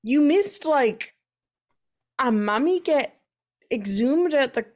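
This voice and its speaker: A woman voicing an excitable, nervous young woman who fires off loud questions. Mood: excited. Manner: high and loud, rapid questions.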